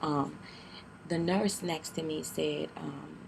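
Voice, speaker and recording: A young woman telling a personal story in a vlog, halting and tearful, with many fillers and restarts, keeping her voice down. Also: sits low, fairly even intonation, creaky, background noise. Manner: keeps her voice down. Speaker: vlogger.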